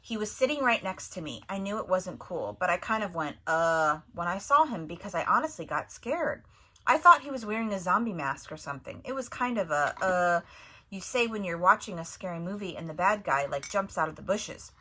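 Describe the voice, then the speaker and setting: A woman teacher reading a novel aloud to her class with expressive storytelling, then asking questions about it. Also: medium pitch, brisk, slightly rough.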